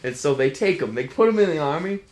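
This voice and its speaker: A man's voice: on the high side, animated, fast, darkish tone. A man casually retelling a film's plot, laughing often and acting out the lines in silly voices. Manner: playful, giggly, acts out lines in silly voices. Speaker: host recapping a film. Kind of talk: casual chat.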